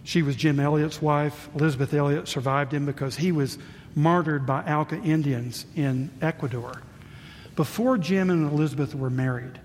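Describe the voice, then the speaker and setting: An older man preaching a sermon as pastor, swinging between booming emphasis and hushed asides. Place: church sanctuary. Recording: reverberant church hall, faint rumble.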